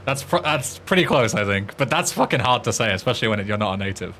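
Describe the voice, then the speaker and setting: A young British man from Britain, with a fairly low, sharp voice, talks fast and animatedly while streaming a game, swearing a lot as he stumbles through foreign tongue twisters. It's casual gaming chat with a little hiss or hum in the audio.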